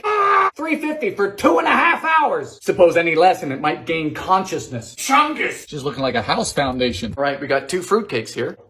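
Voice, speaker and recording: A man hosting a comedic cooking video, trading deadpan sarcastic one-liners and sudden shouted calls of ingredients in his home kitchen. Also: high-pitched, reverberant, slight background noise. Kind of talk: comedic vintage-recipe cooking vlog.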